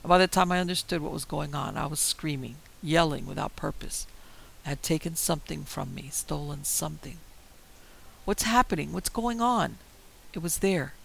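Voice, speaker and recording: A man's voice: on the high side, fairly quick, gravelly, low-quality recording. A man telling a first-person horror story in a dramatic, tense manner. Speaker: narrator.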